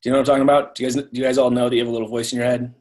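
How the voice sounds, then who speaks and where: A man's voice: mid-range voice, flat delivery, very fast, a little mellow. A man giving a live online training talk in a conversational way, often repeating words as he restarts.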